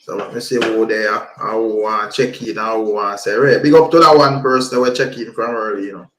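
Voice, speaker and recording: A man's voice: lowish voice, steady tone, a little fast, roomy sound. A Jamaican man hosting a casual livestream, greeting viewers in patois. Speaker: livestream host.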